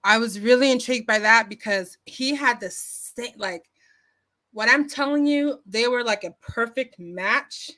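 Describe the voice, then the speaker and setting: A woman talking casually into her phone as a vlogger, with a bright, forceful tone pitched a little high. She wanders through her story with fillers and restarts. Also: a little slow. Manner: chatty, animated, frequent fillers and restarts. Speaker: YouTube commentary vlogger.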